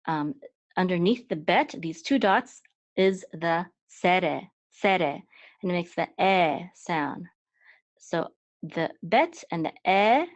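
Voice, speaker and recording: A woman's voice: on the low side, dry recording. A woman teaching a Hebrew reading lesson step by step, patiently repeating each sound several times. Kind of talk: slow step-by-step language lesson. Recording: dull dry lo-fi recording.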